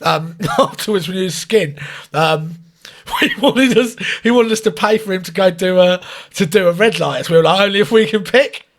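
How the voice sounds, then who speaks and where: A man's voice: sits high, normal speed, few pauses. A man co-hosting a podcast, telling crude stories bluntly and chuckling in casual chat. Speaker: podcast co-host.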